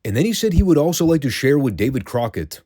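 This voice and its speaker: A man's voice: mid-range voice, very animated, quick pace, mellow, breathy edge, no echo, clean studio sound. A man hosting a classic wrestling review show, recapping matches in a wry, sarcastic, casual tone and swearing freely.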